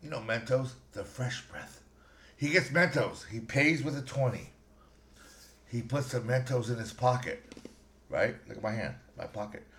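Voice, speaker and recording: A man's voice: medium pitch, animated, moderate pace, fairly bright tone, reverberant. Brash, foul-mouthed middle-aged man. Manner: brash, heavily profane, rambling. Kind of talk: casual podcast banter and storytelling.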